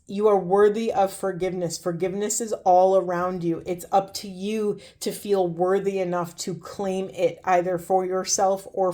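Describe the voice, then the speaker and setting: A woman's voice: mid-range voice, warm tone. A woman doing a spiritual tarot card reading, talking casually and heartfelt, with many fillers. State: emotional, near tears. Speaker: tarot reader.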